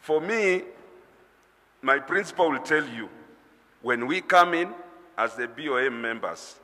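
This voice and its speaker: A man on a school board speaks at a public meeting. He talks very slowly, and his voice is bright. The hall gives it a long reverb. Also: medium pitch, lively intonation. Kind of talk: formal public speech.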